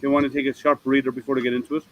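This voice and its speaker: A man's voice: medium pitch, level tone, very fast, highs cut off, background noise. A man hosting a casual livestream hangout from home, rambling and thinking aloud with plenty of ums, talking over an online call mic. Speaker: livestream host.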